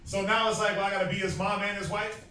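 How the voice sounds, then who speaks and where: A young man street teaching to a group, animated and joking, often mimicking people. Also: high voice, fast talker. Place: outdoors in a city. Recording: very echoey, distant from mic.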